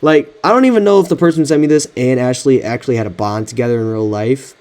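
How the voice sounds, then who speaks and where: A man's voice: medium pitch, quick pace, a little mellow. A man giving casual reaction commentary on text messages he is reading, exasperated and slangy, swearing often. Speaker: content creator.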